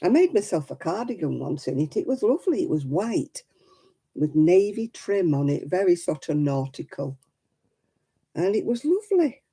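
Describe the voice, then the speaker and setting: Gravelly, chatty woman. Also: on the low side, big pitch swings, normal speed, warm tone, poor audio. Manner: chatty, self-deprecating, greets viewers by name. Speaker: crafting livestream host. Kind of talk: casual livestream chat with viewers.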